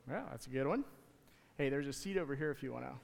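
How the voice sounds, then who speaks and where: A man talking to the kids in church, giving a casual, halting object lesson from the stage. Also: mid-range voice, vocal fry, a little mellow. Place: church sanctuary. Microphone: handheld or stage mic. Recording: hall reverb in a sanctuary.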